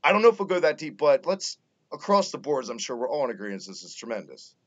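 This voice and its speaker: A man hosting a casual podcast, talking in an animated way and swearing freely. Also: mid-range voice, quick pace. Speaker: podcast host. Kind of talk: casual wrestling podcast chat. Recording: dull lo-fi audio.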